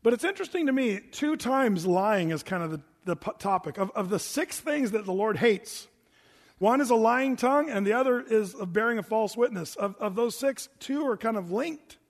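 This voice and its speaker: A man's voice: high voice, animated, moderate pace. A man preaching a sermon in a conversational, emphatic way, posing rhetorical questions to the congregation in a church sanctuary. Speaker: pastor. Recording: long reverb of a hall.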